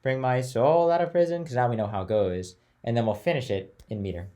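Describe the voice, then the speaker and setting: A young man with a mid-range voice teaches a chant class at a brisk clip. He keeps things relaxed and chatty, moving between spoken explanation and sung note names and phrases.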